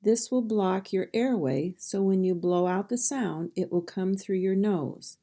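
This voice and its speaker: A woman's voice: mid-range voice, measured pace, creaky, mellow. A woman teaching a phonics lesson, sounding out words one sound at a time and then saying each word whole.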